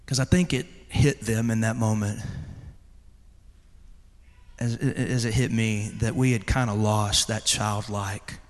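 A man preaching a chapel sermon, telling a story with animated delivery and crying out a child's words. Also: on the low side, slow. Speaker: pastor. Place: large chapel hall. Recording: echoey hall with long reverb.

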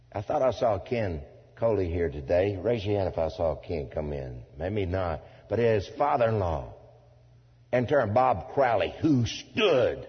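A man preaching a sermon to a congregation, swinging from loud declaiming to low asides, with folksy turns of phrase. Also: expressive, measured pace, husky. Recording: dull lo-fi sound in a reverberant hall.

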